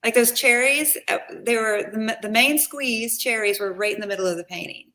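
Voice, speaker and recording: A woman guesting on an art talk, lively, laughing often and saying "like" a lot. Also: on the high side, moderate pace. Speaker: guest painter.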